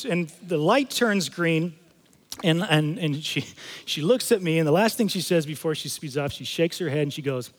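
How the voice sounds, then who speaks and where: A man's voice: a little high, normal speed. A male campus pastor preaching a sermon, reading scripture and telling personal stories in a conversational, emphatic way. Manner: conversational storytelling, emphatic asides. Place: church auditorium. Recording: long reverb in a church hall.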